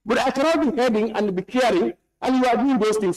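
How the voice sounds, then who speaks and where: A man's voice: very high voice, fairly quick, low-quality recording. Stern Gambian man chairing parliament. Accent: Gambian English. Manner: stern, scolding, repeats himself. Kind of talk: presiding over a heated debate. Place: parliament chamber.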